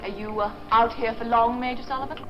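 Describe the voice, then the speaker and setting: An actress playing a flirtatious, bored society wife with an English accent, coy and teasing, in a 1960s TV drama. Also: female voice, fairly high pitch, steady tone, fast talker, natural voice. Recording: dull lo-fi 1960s TV soundtrack with music.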